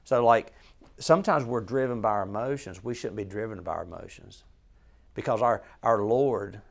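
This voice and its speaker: A man's voice: on the low side, moderate pace, gravelly. A man leading an informal Bible study with a small group. He is earnest and emphatic, often quizzes the listeners and restarts his sentences as he goes. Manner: conversational, asks the group questions, frequent restarts.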